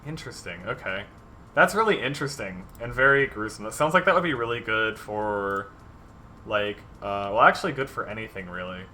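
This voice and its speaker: Bright-voiced man streaming game prep. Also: fairly low pitch, lively intonation, brisk, a little hiss or hum. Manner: rambling, many ums, reads viewer submissions aloud. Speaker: dungeon master streamer. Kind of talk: casual livestream chat while designing game content.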